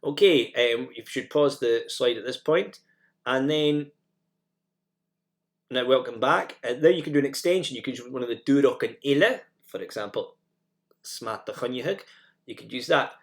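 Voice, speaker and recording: A man talks through a recorded language lesson with a lively, up-and-down pitch. He explains each step plainly and says example phrases over and over so learners can copy them. A few fillers and restarts slip in along the way. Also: moderate pace. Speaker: teacher.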